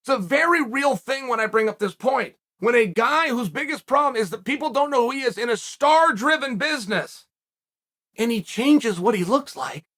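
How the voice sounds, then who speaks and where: A man holds forth on his own show in a loud, cocksure monologue, talking straight to his audience. His voice sits very high for a man, and the tone is bright and forceful. He hammers his points home with full confidence. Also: lively intonation, moderate pace. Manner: brash, self-assured and emphatic, addressing viewers as "guys". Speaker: podcast host. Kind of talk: casual commentary monologue.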